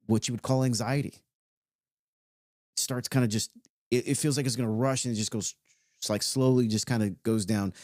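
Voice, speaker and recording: A man's voice: mid-range voice, a little mellow, no room sound, studio quality. Man in a casual self-help talk. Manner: loose and conversational, with swearing and slow stretched-out phrases.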